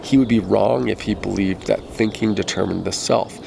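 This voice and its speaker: A man with a low, very gravelly voice reads a nonfiction book aloud. His delivery is measured and deliberate. He stops to correct himself and rereads a line when he stumbles. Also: background noise. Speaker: audiobook reader.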